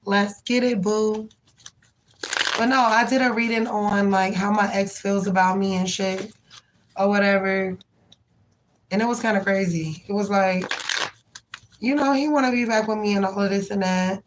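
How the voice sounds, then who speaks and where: A woman's voice: mid-range voice, steady tone, moderate pace, pauses often, noisy background. A woman hosting a live tarot reading stream, chatting casually and affectionately with viewers in slang. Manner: rhythmic chanted prayer.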